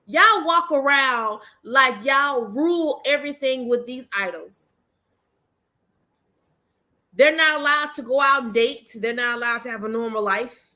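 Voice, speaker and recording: A woman hosts her own commentary channel in a casual rant. Her voice sits a little high with a bright, forceful edge. She talks bluntly in slang and keeps repeating her points for emphasis. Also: a little slow.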